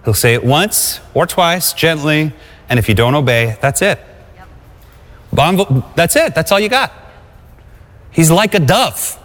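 A male preacher delivers an exhorting sermon in a slightly higher register than most men. He keeps prompting the congregation to respond. His voice rings with a long reverb tail, as if he is in a large hall. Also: animated, measured pace, long pauses, fairly bright tone.

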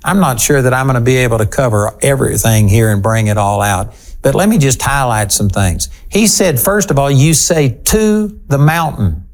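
A man preaching a sermon, emphatic and animated, slowing down to stress key words and acting out the lines he quotes. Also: medium pitch. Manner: animated, acts out quoted lines with shifting inflection.

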